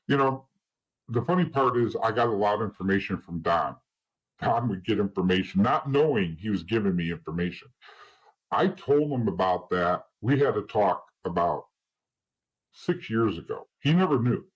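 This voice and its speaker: A man's voice: on the low side, lively intonation, normal speed, husky, rough recording. A middle-aged man with a New Jersey accent telling his story in a blunt, profane, streetwise way, acting out the dialogue as he goes. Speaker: interview guest, former informant. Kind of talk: casual storytelling.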